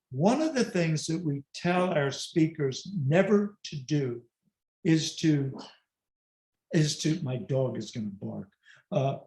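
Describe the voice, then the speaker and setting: A man with a fairly high, slightly mellow voice gives an online presentation as a speaker coach. He talks conversationally, adding emphatic, self-deprecating asides. He's recording at home on a video call in a roomy, echoey room.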